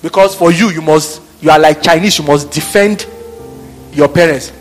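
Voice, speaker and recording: A man preaching a sermon, animated, laughing and acting out office scenes. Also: on the high side, normal speed, soft background music.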